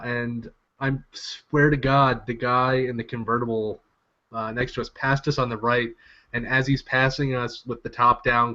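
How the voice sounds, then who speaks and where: A man's voice: mid-range voice, bright, forceful tone. A man co-hosting a podcast in casual chat, joking and swearing freely. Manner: profane, joking, laughing. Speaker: podcast co-host. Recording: dull lo-fi podcast audio.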